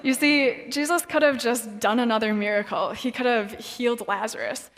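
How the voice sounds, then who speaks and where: Her voice is fairly high and fairly bright, with a moderate pace, as she delivers a casual sermon with Bible readings at a young adult event. She occasionally voices the story's characters, all within a reverberant hall.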